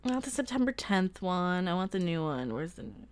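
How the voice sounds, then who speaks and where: A woman hosting a casual live reaction stream, sarcastic, laughing often and bursting into loud exclamations. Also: on the low side, big pitch swings, moderate pace, clear, resonant tone. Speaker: livestream host reacting to a trailer.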